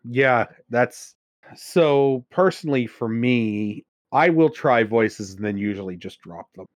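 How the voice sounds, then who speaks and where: A man from Pennsylvania chats casually as a podcast co-host. His voice sits mid-pitch and sounds dry and close. He rambles, laughs and restarts his sentences. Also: expressive, slow, no room sound. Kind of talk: casual chat.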